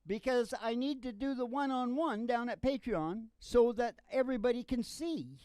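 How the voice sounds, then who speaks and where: A man's voice: very high-pitched, moderate pace, clean tone, no echo, clean studio sound. A man who sings acoustic folk songs and then chats, rambling and joking. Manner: rambling, joking, laughs often. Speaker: singer and guitarist. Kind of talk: acoustic folk singing, then casual chat. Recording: loud guitar accompaniment.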